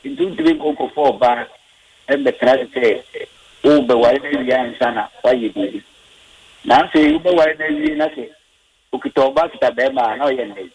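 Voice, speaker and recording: A man with a Ghanaian accent calling into a radio show and telling a story with animated delivery. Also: mid-range voice, moderate pace, vocal fry, slightly rough, low-quality recording. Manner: animated storyteller, code-switching. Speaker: radio caller. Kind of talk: phone-in storytelling.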